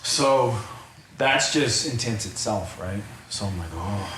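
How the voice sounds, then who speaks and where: A man's voice: fairly low pitch, expressive, slow pace, a bit bright, a little hiss or hum. A man, a podcast guest, telling a personal story in a rambling way, repeating words and restarting sentences. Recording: roomy echo, faint ambience.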